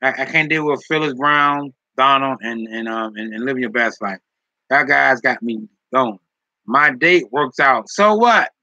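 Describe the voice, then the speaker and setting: A man's voice: mid-range voice, unhurried, gravelly, sharp tone, no room sound, highs cut off. A man on a casual live stream, reading chat comments aloud and teasing viewers with jokes and frequent laughter. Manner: teasing, joking, laughs often.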